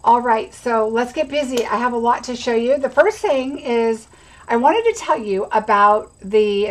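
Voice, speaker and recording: A woman's voice: a little high, poor audio. Chatty woman hosting a craft livestream. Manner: chatty, rambling, greets viewers by name. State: has the hiccups. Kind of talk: casual livestream chat.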